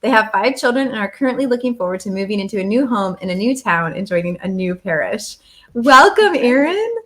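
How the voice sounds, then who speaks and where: A woman's voice: mid-range voice, very animated, fairly quick, a bit bright. A woman hosting an interview, welcoming her guest with enthusiastic, effusive praise. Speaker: host. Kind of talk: interview host.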